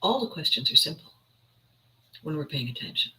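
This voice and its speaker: A woman with a very bright, keen voice talks to her livestream audience in a loose, reflective monologue. She rambles, doubles back and breaks off her sentences as she thinks aloud. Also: low-pitched, very animated, brisk, rough recording. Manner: rambling storyteller, self-interrupting, chatty. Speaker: livestream host.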